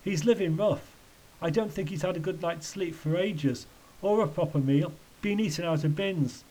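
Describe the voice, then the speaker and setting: A man's voice: fairly high pitch, moderate pace, a little mellow, pitched above the performer's own voice, close to an everyday voice, rough recording. A man voicing a caring, earnest young boy in a storybook reading. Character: worried, caring schoolboy.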